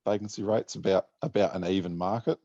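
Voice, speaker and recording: Low-voiced man, lo-fi. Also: fairly even intonation, fairly quick, dark tone. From Australia. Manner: agreeable, chimes in with "yeah". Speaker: podcast co-host. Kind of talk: casual chat. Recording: dull, lo-fi sound.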